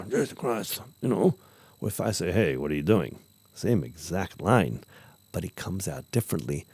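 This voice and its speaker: A man hosting a podcast, talking casually about acting craft, animated and repeating phrases for emphasis while acting out example lines. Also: fairly low pitch, slightly rough, no room sound. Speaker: podcast host, acting teacher.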